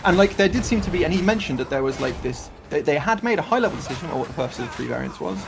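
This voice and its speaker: A man's voice: a little high, lively intonation, rapid-fire, gravelly, noisy background. A man in casual voice-chat banter, rambling as he works through how a game mechanic functions. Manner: rambling, analytical, many restarts. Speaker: streamer explaining game mechanics.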